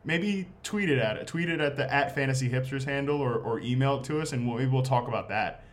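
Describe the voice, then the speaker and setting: Male podcast host, loose and jokey, mid-pitched. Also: fast. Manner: rambling, filler-heavy, jokey. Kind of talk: casual chat.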